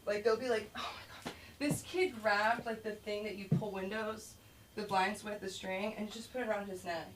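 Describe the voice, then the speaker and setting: A woman's voice: medium pitch, steady tone, normal speed. A woman doing a rambling stand-up set at an open mic, acting out kids and herself in voices. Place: small comedy club stage. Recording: distant room mic with faint noise.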